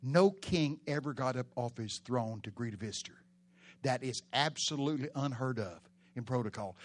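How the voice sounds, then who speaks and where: A man preaching a sermon, telling the story dramatically with sudden shouted peaks. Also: medium pitch.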